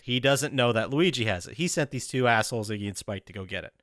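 A man's voice: medium pitch, animated, a little fast, a bit bright, clean tone, no echo, studio quality. A man co-hosting a podcast, recapping a movie in casual chat, swearing freely and quoting lines as he goes. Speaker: podcast co-host.

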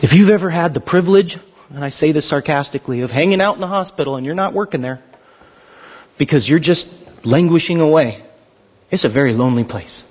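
A man preaching a sermon, telling stories animatedly and acting out what people say, with a husky voice. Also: fairly high pitch, fairly quick, highs cut off. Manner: animated storytelling, acting out quotes.

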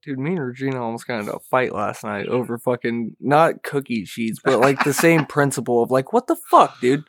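A young man in casual chat, swearing and telling a story with lively, raised mimicry of others. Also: mid-range voice, fairly quick, dry recording, studio quality. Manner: profane, animated, mimics people in a raised voice. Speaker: podcast co-host.

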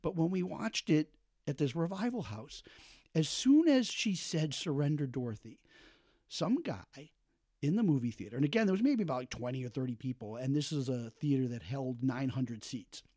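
A man, a podcast host, telling a casual and lively story about watching a film, acting out quotes with lots of fillers. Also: mid-range voice, normal speed, no echo, clean studio sound. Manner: animated, acts out quotes, many fillers.

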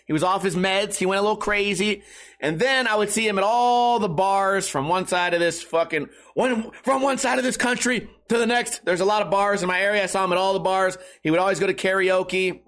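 A man with a fairly high speaking voice rants in a loose, profane comedic monologue. He laughs at his own jokes and breaks off into quick asides. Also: a bit bright. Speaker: comedy podcast host.

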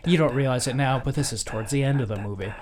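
A man chatting casually as a podcast co-host, walking through a film scene by scene and slipping in quoted lines. His voice sits at an ordinary middle pitch, and his talk rambles loosely. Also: racing, darkish tone, slight background noise. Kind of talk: casual chat about a film.

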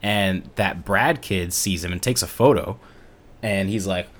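A man with a somewhat low voice talks through a film recap in loose, rambling podcast chat. He sounds laid-back and casual, throws in the odd swear word, and chuckles at the silly moments. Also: measured pace, a bit bright. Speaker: podcast co-host.

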